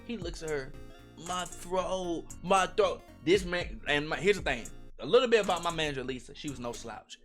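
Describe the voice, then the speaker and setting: A young man spins a workplace story for his viewers in a loose, slangy storytime voice. His pitch leaps high and drops low as he gets into it. Faint music plays underneath. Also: fast, hardly any pauses. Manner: animated, slangy, addresses viewers as y'all. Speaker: storytime vlogger. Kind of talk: casual storytime monologue.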